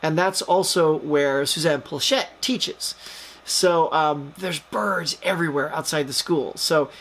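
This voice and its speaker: A man's voice: a little high, measured pace, a bit bright. A man reviewing a film, retelling the plot in a chatty, rambling way, full of fillers and jokey asides. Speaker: movie reviewer.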